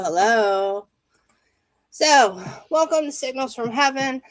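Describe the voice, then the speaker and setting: A woman from Ohio hosting a casual livestream from home, chatty and energetic as she talks to her viewers. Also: medium pitch. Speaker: livestream reader.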